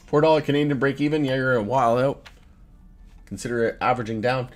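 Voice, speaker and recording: A man in his thirties hosting a casual live stream, reading chat aloud in a loose, profane way and laughing often. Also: medium pitch. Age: 30s. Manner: loose, profane, laughs often, swings between joking and irritated. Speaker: livestream host reading chat.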